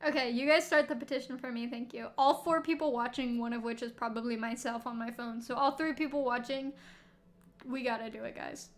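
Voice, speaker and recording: A woman's voice: on the high side, steady tone, brisk. A woman streaming a game, chatting casually with lots of laughs and self-mocking asides. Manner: giggly, rambling, self-mocking.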